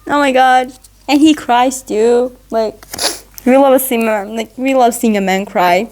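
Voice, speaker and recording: A woman's voice: a little high, darkish tone. A woman vlogger gushing about a show she loves, in a rambling, casual recap full of "like.".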